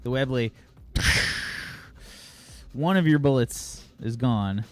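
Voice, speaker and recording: A man running a tabletop game as game master, relaxed and laughing often, explaining rules with plenty of fillers. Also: medium pitch, takes it slowly, faint music behind.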